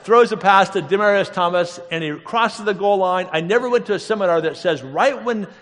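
A lively male preacher with a slightly raised voice tells stories to a crowd, tossing out rhetorical questions and laughing along. The sound rings out with the long reverb of a big hall. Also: high-pitched, fairly quick, a little hiss or hum. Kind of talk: storytelling sermon.

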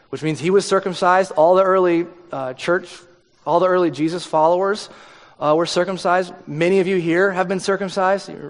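Joking pastor preaching in a reverberant hall. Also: male voice, sits high. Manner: conversational and joking, acts out quoted voices. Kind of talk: sermon. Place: church hall. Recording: long reverb of a large hall.

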